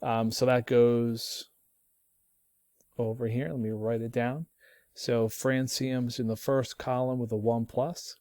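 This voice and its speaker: A relaxed man walks through a chemistry lesson, often pausing with ums and starting lines over. His voice is mellow and dark. It is recorded close up and dry, with no room sound. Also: medium pitch, no room sound. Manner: relaxed, thinking aloud with many ums and restarts. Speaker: chemistry teacher.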